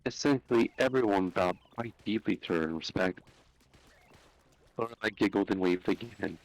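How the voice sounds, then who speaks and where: A man narrating a fan story aloud on a live stream, unhurried, with small slips and restarts. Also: lowish voice, dry recording, low-quality recording.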